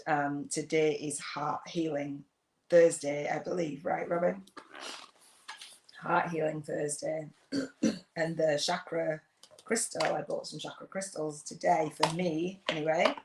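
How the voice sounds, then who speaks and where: Woman, livestream host, reflective and rambling, flat delivery, roomy echo. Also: low-pitched. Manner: rambling, reflective, with many fillers and restarts. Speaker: host of a spiritual business channel. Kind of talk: casual livestream monologue reading viewer comments.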